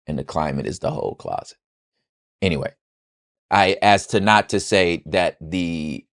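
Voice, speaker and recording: Young dude hosting a podcast, low voice, real slangy and jokey, dry sound. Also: male voice, no echo. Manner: slangy, loose, joking. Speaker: podcast host. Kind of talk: comedic political commentary.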